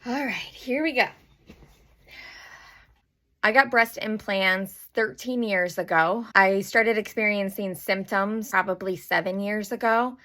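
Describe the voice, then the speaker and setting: A woman's voice: medium pitch, measured pace, sharp tone. A woman telling her personal story straight to camera in a candid, nervous, self-deprecating way, at times tearful. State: emotional, tearful. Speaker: vlogger.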